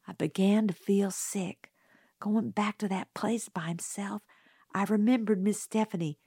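A woman reading a novel aloud in first person, measured and unhurried. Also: mid-range voice, fairly even intonation, dark tone, breathy edge, dry recording, studio quality. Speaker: audiobook narrator. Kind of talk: scripted first-person narration.

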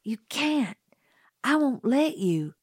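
A woman's voice: sits high, sing-song, slow pace, darkish tone, husky, dry recording, clean studio sound, voice pushed up, exaggerated voice. A woman voicing an anxious young girl in an audiobook, pleading and pressing hard. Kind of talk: audiobook character voice.

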